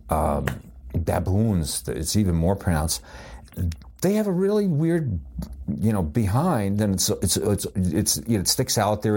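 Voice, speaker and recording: A man's voice: low-pitched, husky. An older man who is a psychologist, telling a rambling personal anecdote with amused energy and many restarts. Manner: rambling, with frequent restarts and filler; amused, lively retelling.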